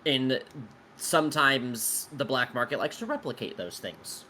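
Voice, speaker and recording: Bright-voiced rambling male game master. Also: medium pitch, very animated, measured pace, a little hiss or hum. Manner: rambling, lots of fillers and loose swearing. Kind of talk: answering player questions out of character.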